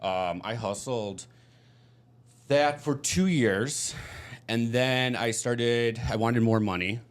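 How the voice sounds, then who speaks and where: A man's voice: mid-range voice, slow pace. A man from Michigan, telling stories candidly as a podcast guest. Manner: candid, chatty storytelling. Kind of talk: casual chat.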